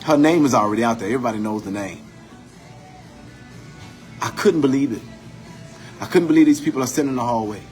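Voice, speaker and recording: A man's voice: medium pitch, fast, pauses often, a little mellow, soft background music. A man giving an impassioned, profane commentary monologue, building his points with preacher-like repetition.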